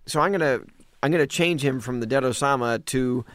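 A man's voice: medium pitch, a little fast, a bit bright, no room sound. A middle-aged man, a comedian, chatting casually as a guest and telling rambling stories. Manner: rambling storyteller, acts out quoted lines. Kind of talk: casual chat.

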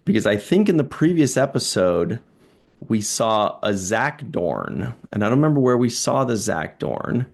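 A man's voice: lowish voice, sing-song, moderate pace, vocal fry, darkish tone. A man co-hosting a casual chat show, laughing often and acting out lines in silly voices. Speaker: podcast co-host.

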